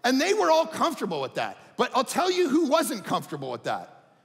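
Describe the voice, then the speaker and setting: A middle-aged man, a pastor preaching a sermon, animated and emphatic, dropping to quiet asides. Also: fairly quick, creaky. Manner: animated, swings from loud emphatic highs to low quiet asides. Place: large church hall. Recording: long hall reverb.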